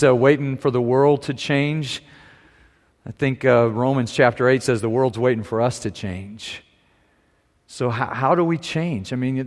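A pastor preaching a sermon, telling stories with humor and shifting his pace and volume. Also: mid-range voice. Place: church sanctuary. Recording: long reverb of a large sanctuary.

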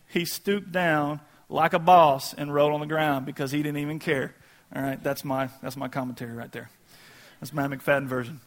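A pastor preaching a sermon in a casual, conversational way, acting out quoted voices. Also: male voice, on the high side, fairly bright tone.

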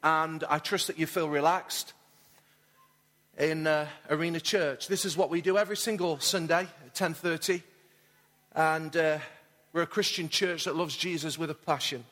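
A man's voice: a little high, steady tone, moderate pace, fairly bright tone. A man, a church pastor delivering a friendly, story-led sermon with light humour. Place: church auditorium. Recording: reverberant church hall.

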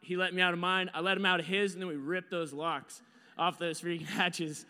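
A man with a slightly high voice delivers a storytelling sermon, swinging from hushed asides to acted-out shouts. His voice rings with the long reverb of a large church hall. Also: fairly quick, clean tone. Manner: animated storyteller, acts out his own panicked shouts. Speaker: preacher.

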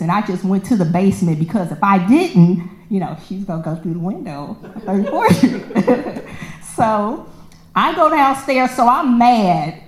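A woman tells a personal story in a lively, conversational way. She slips into the voices of the people she quotes and laughs along the way. Her mid-range voice rings in an echoey room. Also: medium pitch, moderate pace. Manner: animated, acts out quoted voices, laughs often. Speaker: storyteller sharing a personal testimony. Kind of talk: casual storytelling with scripture.

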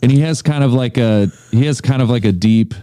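A man's voice: mid-range voice, a little fast, dark tone, clean tone. A man chatting as a podcast guest, self-deprecating and hesitant, with many fillers. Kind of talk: casual chat.

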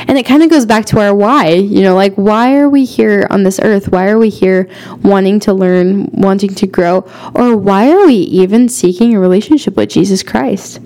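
A woman's voice: medium pitch, normal speed, dark tone. Earnest young woman telling a personal story. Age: young adult. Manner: chatty, many fillers and "like". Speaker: podcast host. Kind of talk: personal faith story told casually.

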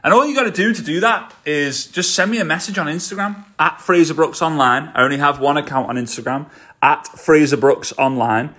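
Scouse man, solo podcast host, motivational and direct, energetic delivery. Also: on the high side, fast, few pauses. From England.

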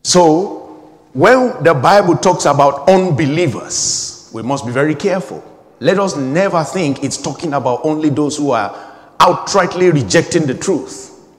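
Guy preaching a sermon in a big echoey hall, slightly high voice, keeps hammering the same line. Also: animated, a little slow. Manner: emphatic, repeating phrases, rising intensity.

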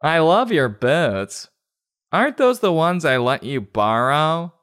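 A man putting on a prissy young woman, high and gushing, who swings between sweet and suspicious. She is a girly storybook character with a lively, sing-song lilt. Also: slow, clean tone, heavily acted. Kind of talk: comedic voiced storybook reading.

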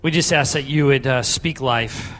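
Praying earnestly before a congregation in a church sanctuary, a man repeats simple phrases at a moderate pace. His voice is medium in pitch with a fairly bright tone.

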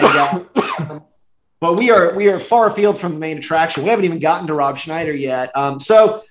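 With a little hiss or hum and a roomy echo on the recording, a high-pitched man co-hosts a laid-back movie-review podcast. His talk rambles, full of fillers and frequent laughter.

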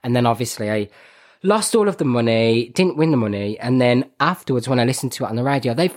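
Male podcast co-host, Birmingham accent, self-mocking storyteller with a very lively, bouncing delivery. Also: mid-range voice, fast talker. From Birmingham, England. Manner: laughs often, self-mocking, animated telling. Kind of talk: casual chat, storytelling.

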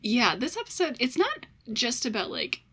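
A young woman co-hosting a casual podcast, talking in a chatty, halting way with restarts and laughs. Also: fairly high pitch, wildly swooping pitch, sharp tone, slightly rough. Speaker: podcast co-host. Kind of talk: casual chat.

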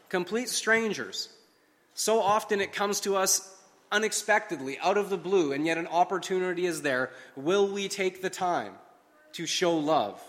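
A man preaching a sermon in a measured, earnest way, slowing down to stress key phrases. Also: on the high side, fairly bright tone, long reverb tail. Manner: measured, earnest delivery with slow emphatic phrases.

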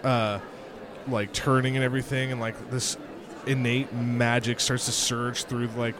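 A man's voice: medium pitch, level tone, measured pace, a crowd in the background. A man playing a tabletop game who explains his character in a rambling way, full of fillers. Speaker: player. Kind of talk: casual tabletop game chat.

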